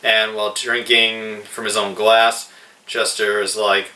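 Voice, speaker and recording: Slow, bright-voiced man reviewing a film. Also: lowish voice, flat delivery. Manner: slow, hesitant, with many fillers. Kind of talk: casual video review. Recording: roomy echo, distant mic.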